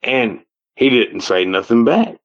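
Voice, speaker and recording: A man's voice: mid-range voice, big pitch swings, unhurried. A man with an Ozark Southern accent telling a personal story in a rambling, folksy way, repeating himself as he goes, heard over a phone call. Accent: Ozark Southern American. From Ozark Mountains, United States. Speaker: guest telling a personal encounter. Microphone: phone call audio.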